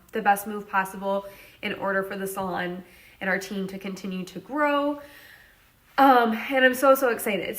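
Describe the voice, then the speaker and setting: A woman's voice: medium pitch, a bit bright. A woman who owns a hair salon, chatting casually to her viewers in a gushing, emotional way with lots of fillers, recorded in her salon. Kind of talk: casual vlog chat.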